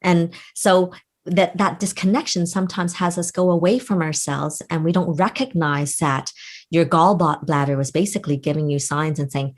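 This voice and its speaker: A woman's voice: fairly low pitch, moderate pace. A woman co-hosting a wellness podcast, talking in a casual, affirming and explanatory way. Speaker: podcast co-host.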